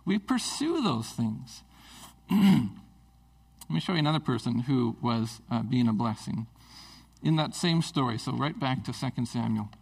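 A man's voice: mid-range voice, vocal fry, husky, poor audio. A man preaching a conversational sermon in a casual, earnest way, with fillers and restarts.

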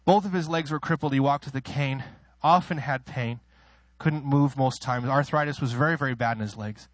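A man preaching a sermon, emotional in delivery, moving between soft personal asides and loud, soaring declarations, with self-deprecating laughs. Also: no room sound. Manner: emotional, swings from soft asides to loud high-pitched exclaiming; laughs at himself between points.

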